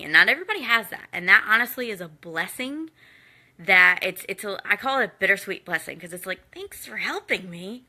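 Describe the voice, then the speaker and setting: A woman's voice: medium pitch, sharp tone. A woman in her thirties speaking candidly and earnestly to an online community, encouraging and conversational, with occasional fillers. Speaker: guest speaker in a live Q&A. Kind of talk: candid personal talk to a community.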